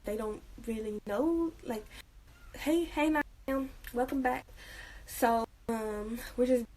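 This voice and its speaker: Chatty high-voiced young woman vlogger. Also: slow pace, darkish tone, a little hiss or hum, poor audio. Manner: chatty, laughs often, many fillers. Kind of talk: casual chat.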